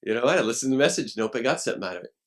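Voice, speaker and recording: Animated man preaching a sermon. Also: mid-range voice, racing. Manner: animated, acts out quoted voices, rising to shouts. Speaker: pastor. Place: church.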